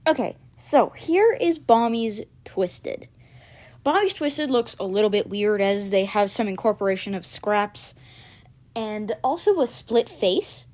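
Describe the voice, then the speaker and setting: A woman's voice: medium pitch, expressive, measured pace, a little mellow. Offhand rambling young woman. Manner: offhand and dismissive, drifting tangents. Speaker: video creator. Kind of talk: casual rambling chat.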